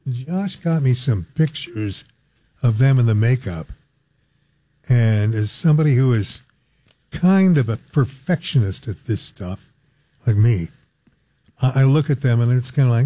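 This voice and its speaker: A man's voice: medium pitch, lively intonation, slow pace, pauses often, warm tone, no room sound. An older man hosting a radio talk show, speaking in a chatty, offhand way.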